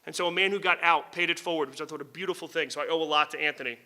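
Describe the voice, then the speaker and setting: A middle-aged man from New Jersey, a lawyer and author giving a public talk, telling a story in an animated, candid way, swearing casually and chuckling at his own remarks. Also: a little high, racing.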